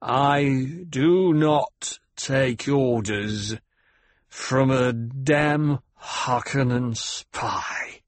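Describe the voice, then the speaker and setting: A man voicing a drunk, surly male swordsman who speaks slowly with careful, precise enunciation. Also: lowish voice, flat delivery, darkish tone, dry recording.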